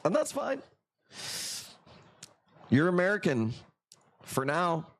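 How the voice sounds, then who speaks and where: A man's voice: sits high, sing-song, slow pace. Joking, foul-mouthed male stream host. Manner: profane, joking, rambling banter with viewers. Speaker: livestream coral auction host. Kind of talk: casual live sales chat.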